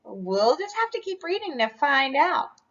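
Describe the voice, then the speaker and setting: A woman's voice: sits high, big pitch swings, unhurried, fairly bright tone, dull audio, pitched above the performer's own voice, heavily acted. A woman doing a giggly little elephant. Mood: teasing. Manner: teasing, playful.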